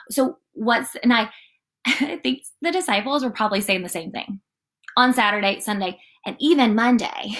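A woman leading a casual morning devotional, talking in a chatty, animated way and often saying "like". Her voice sits fairly high. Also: normal speed. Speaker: church devotional leader.

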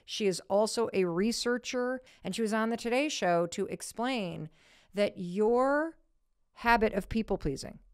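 Woman, middle-aged, podcast host, lively storytelling, dry close sound. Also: measured pace, clear, resonant tone, no echo. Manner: animated, gushing, acts out quotes in a high voice. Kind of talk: casual storytelling.

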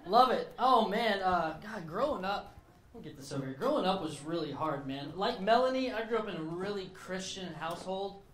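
A man's voice: sits high, lively intonation, normal speed, fairly bright tone, roomy sound, slight background noise. A young man from Texas doing stand-up comedy on a club stage, casual and slangy. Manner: casual, slangy, self-deprecating.

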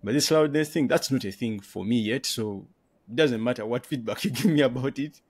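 A man's voice: medium pitch, a little fast, breathy edge, dry recording, clean studio sound. A man talking casually as a podcast guest, laughing often and repeating words while he thinks. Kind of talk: casual conversation.

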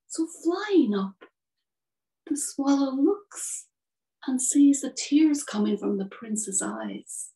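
Slow, gentle woman telling a story. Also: high-pitched, expressive. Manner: unhurried, gentle narration. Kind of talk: spoken storytelling. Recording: distant from the mic.

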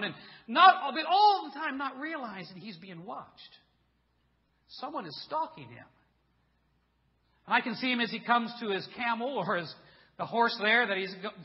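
A man preaching a sermon as pastor in a church, telling stories in an animated way and acting out voices. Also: high-pitched, long reverb tail, highs cut off. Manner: animated storytelling, acts out voices.

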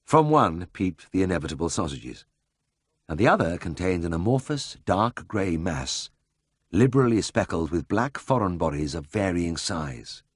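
A man reads a first-person memoir in a measured storytelling manner. His voice sits fairly low with a husky grain and an animated melody, recorded dry and close. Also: no echo. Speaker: audiobook narrator.

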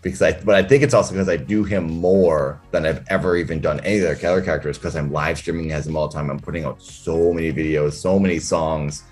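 Low-voiced man musing in an interview. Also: steady tone, quick pace, few pauses, a little mellow, faint music behind. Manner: reflective, thinking aloud. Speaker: interview guest, comedian and character performer. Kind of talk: casual interview chat.

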